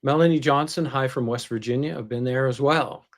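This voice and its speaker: A man's voice: medium pitch, a little fast. A man co-hosting a casual livestream, easygoing, reading out viewer comments and cracking corny jokes. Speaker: co-host.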